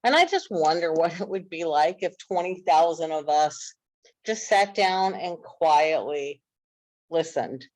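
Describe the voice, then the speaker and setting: A woman's voice: low-pitched, a little slow, no room sound, poor audio. A woman telling stories in a casual, earnest podcast chat. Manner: earnest, animated storytelling.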